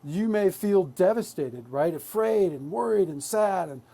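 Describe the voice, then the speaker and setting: A man's voice: sits high, expressive, measured pace, warm tone. An adult man presenting a live workshop, talking earnestly and often checking in with "right?". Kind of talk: live online workshop talk.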